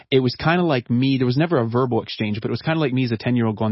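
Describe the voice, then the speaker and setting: A middle-aged man, a counselor, telling a personal story in an interview in an earnest, reflective way with halting restarts. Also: medium pitch, no room sound, muffled recording. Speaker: counselor and guest.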